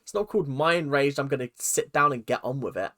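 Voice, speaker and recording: A man's voice: mid-range voice, fast talker, fairly bright tone. A man hosting a reaction video, chatting casually and exaggerating with mock voices.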